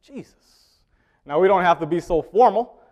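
A man delivers a sermon with a voice pitched slightly higher than most men's. He talks with the congregation rather than at it, asking questions and waiting for answers. He pushes some words out loud and drops others into quiet asides. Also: animated, moderate pace. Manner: conversational, asks the congregation questions; swings between loud emphasis and quiet asides. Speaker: preacher.

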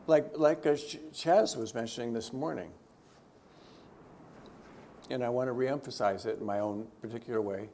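A man, a theologian, teaching a church group in a conversational way, lifting his voice for emphasis and dropping to quiet, low asides. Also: normal speed, pauses often, slight background noise. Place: church gathering.

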